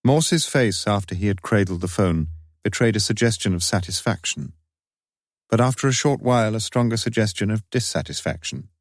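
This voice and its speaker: A man reading an audiobook in a measured, even scripted narration. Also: lowish voice, no echo, clean studio sound.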